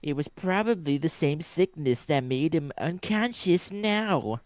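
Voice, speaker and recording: A woman with a low voice reads fanfic dialogue at a slow, measured pace. The sound is dry and close. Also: lively intonation, darkish tone, dry recording. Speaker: fanfic reader. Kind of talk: comedic reading aloud.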